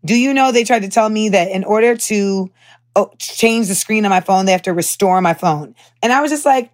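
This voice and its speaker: Young woman, American accent, podcast host, casual chat, animated and heated, mid-pitched voice. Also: moderate pace. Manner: animated, heated retelling with swearing and asides. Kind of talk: casual storytelling monologue.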